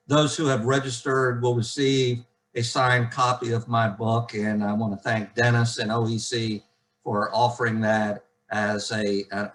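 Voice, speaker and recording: A man in his sixties from the Southern US with a Southern accent, giving a keynote talk over a video call in a measured way with frequent fillers. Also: mid-range voice, fairly bright tone, poor audio. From Southern United States. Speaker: keynote speaker. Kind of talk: virtual keynote speech.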